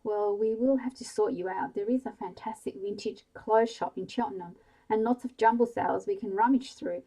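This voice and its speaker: A woman's voice: mid-range voice, moderate pace, dark tone, close to an everyday voice, rough recording. Woman doing a coaxing, motherly middle-aged mum. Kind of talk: whispered role-play.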